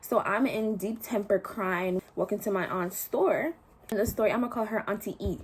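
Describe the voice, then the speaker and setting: A woman's voice: mid-range voice, moderate pace, slightly rough. A young woman vlogging a casual storytime, retelling events with slang and quoted voices.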